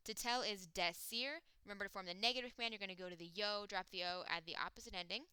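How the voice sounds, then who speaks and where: A woman teaching a recorded language lesson, explaining step by step with frequent fillers and slowing down to sound out words. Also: mid-range voice, fairly even intonation, bright, forceful tone, smooth, no room sound. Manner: slows down to sound out words and sings a mnemonic. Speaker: Spanish teacher. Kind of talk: recorded classroom lecture.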